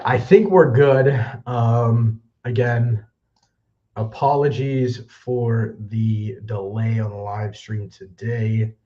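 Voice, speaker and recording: A man's voice: on the low side, mellow. A young man hosting a movie news livestream, rambling and apologetic, a bit out of breath. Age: young adult. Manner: rambling, apologetic, self-deprecating. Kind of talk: casual livestream chat. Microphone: backup mic instead of usual one. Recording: dull lo-fi backup mic.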